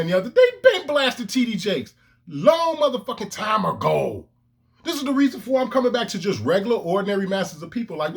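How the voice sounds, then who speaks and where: Heated, cursing commentary comes from a male vlogger recording himself into his camera lens, breaking into emphatic outbursts. His voice sits high with a breathy edge.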